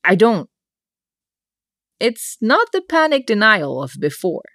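A woman's voice: mid-range voice, very animated, slow pace, pushed and bright, dry recording, studio quality, voice pushed up, exaggerated voice. A woman voicing a guarded, private male hockey player who gives curt, defensive answers in a storybook reading.

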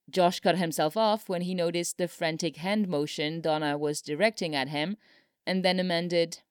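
A woman narrating a story in an even, unhurried reading. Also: sits low, smooth, dry recording, clean studio sound.

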